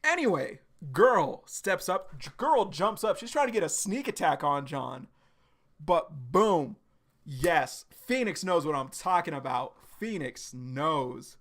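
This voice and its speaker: Hyped streamer guy reading a comic live, swears a lot, rambly, kinda high voice. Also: slow. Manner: excitable, profane, rambling with many fillers.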